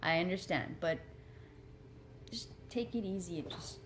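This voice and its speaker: A woman's voice: fairly low pitch, measured pace, long pauses, slight background noise. A woman vlogging at home, chatting in a rambling, earnest, self-deprecating way about motivation. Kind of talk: rambling casual chat. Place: home room with her cat.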